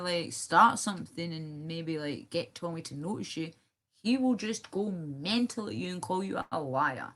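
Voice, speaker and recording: Chatty woman with a lowish voice. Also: a bit bright. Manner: rambling, reads viewer comments aloud and answers them. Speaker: livestream host. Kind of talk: casual livestream chat.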